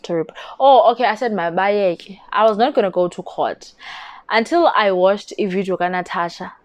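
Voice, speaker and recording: A young woman with a South African accent tells her story straight to camera, her voice sitting at an ordinary middle pitch. She talks in quick, indignant bursts, like a friend venting about a bad deal. The sound is close and dry, with no room around it. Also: no room sound. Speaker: YouTuber. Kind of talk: casual storytelling vlog.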